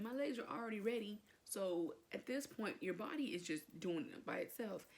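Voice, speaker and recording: A woman's voice: mid-range voice, lively intonation, moderate pace, hardly any pauses. A young woman vlogger telling a personal story to camera in a chatty, emotional way, with lots of fillers.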